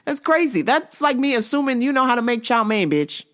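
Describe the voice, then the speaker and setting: A woman's voice: fairly high pitch, brisk. Profane, laughing woman storyteller. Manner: profane, animated, often laughing. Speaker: podcast host. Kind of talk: casual comedic storytelling.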